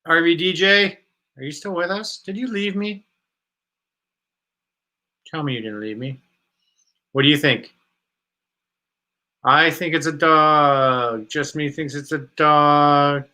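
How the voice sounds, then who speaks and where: Easygoing bright-voiced man. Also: a little high, takes it slowly, long pauses. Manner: easygoing, teasing, reads viewer comments aloud. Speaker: co-host of a camping channel live stream. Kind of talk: casual live chat.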